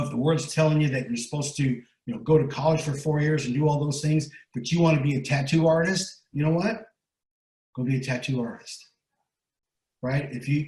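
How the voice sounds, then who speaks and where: A man's voice: mid-range voice, a little mellow, roomy sound, poor audio. A middle-aged man speaking as an interview guest. He gives motivational talk, pushes his points hard, repeats words and keeps asking "right?". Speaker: guest speaker and recovery coach.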